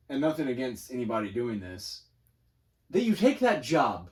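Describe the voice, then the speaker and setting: Male podcast co-host with a lively, swinging pitch, giving wry interjections in casual chat. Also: moderate pace. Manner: short interjections, wry jokes.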